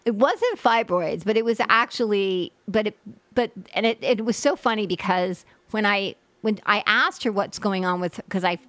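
A woman's voice: medium pitch, moderate pace, fairly bright tone, no echo. A woman hosting a talk show interview, chatty and rambling, laughing as she shares her own stories. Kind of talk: casual interview chat.

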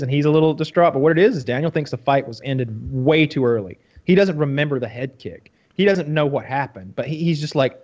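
A man's voice: on the high side, expressive, a little fast, few pauses, a little mellow, muffled recording. A man in casual chat about a fight, stumbling over his words and repeating fillers as he talks.

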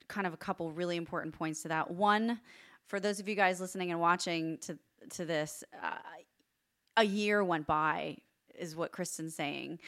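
A woman's voice: lowish voice, pushed and bright. A woman hosting an interview podcast, talking with emphatic enthusiasm and praise for her guest. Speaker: podcast host. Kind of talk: interview conversation.

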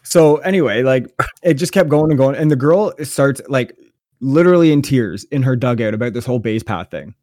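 A man spins a story on a podcast, sarcastic and full of swearing, with a mid-range voice. His telling is loose and animated, recorded dry and close with no room sound. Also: medium pitch, fairly quick, dry recording. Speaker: podcast co-host. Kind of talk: casual storytelling chat.

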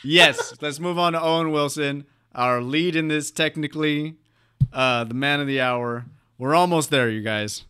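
A man's voice: on the high side, normal speed, bright, forceful tone, clear, resonant tone. A man hosting a casual podcast chat, easygoing and steering the talk along. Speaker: podcast host.

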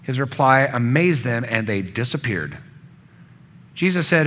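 A man's voice: medium pitch, big pitch swings, a little slow, a bit bright. A man preaching a sermon, earnest, building emphasis through repetition. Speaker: pastor.

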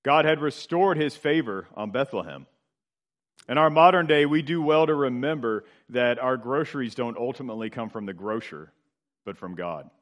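A middle-aged man preaching a sermon. His delivery swells louder and then drops low and quiet. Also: lively intonation, normal speed. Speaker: pastor.

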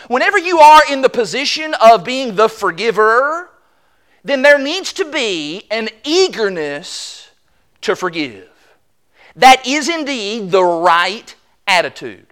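A preacher delivering a sermon with a bright, edged tone. The pitch rises and falls widely from phrase to phrase. The delivery is emphatic, and the preacher slips into voicing the people being quoted. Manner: emphatic, acts out quoted voices. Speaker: pastor.

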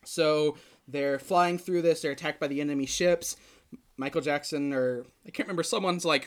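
A man hosting a podcast, chatting casually and retelling a film with lively acted-out quotes. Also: on the high side, moderate pace. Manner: animated storytelling, acts out quotes. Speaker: podcast host. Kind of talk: casual chat.

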